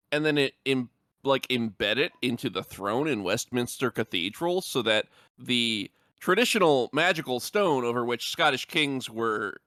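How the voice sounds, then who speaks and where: A man's voice: medium pitch, bright, forceful tone, no echo, studio quality. A man chatting casually on a podcast, wry and asking long winding questions. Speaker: podcast panelist.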